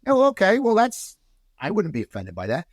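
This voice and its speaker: A man from the United States talks as a podcast guest, his pitch bouncing up and down as he tells stories. He often restarts his sentences and circles back before getting to the point. The sound is close and dry, with no room around it. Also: brisk, dry recording. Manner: animated storyteller, many restarts. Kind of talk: casual podcast chat.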